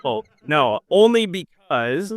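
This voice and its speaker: Man, casual sports podcast co-host, animated and jokey, smooth clear voice, dry close sound. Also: on the high side, slow, no room sound. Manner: animated, jokey, talks in long runs.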